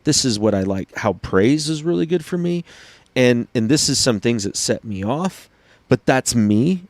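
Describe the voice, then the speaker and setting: A man's voice: mid-range voice, a little mellow, no room sound. A man co-hosting a casual podcast chat, earnestly explaining his ideas at length. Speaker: podcast co-host.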